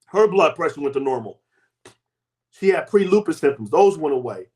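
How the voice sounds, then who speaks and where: A host and health coach in his fifties tells a personal story at normal speed, very animated, his pitch and loudness swinging in emphatic, sweeping arcs.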